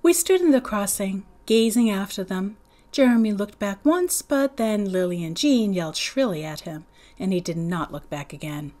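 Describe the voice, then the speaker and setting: A woman's voice: lively intonation, normal speed. A woman, a teacher, reading a novel aloud to students, raising her voice for the children's lines. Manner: acts out the children's lines in higher, louder voices. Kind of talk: read-aloud storytelling.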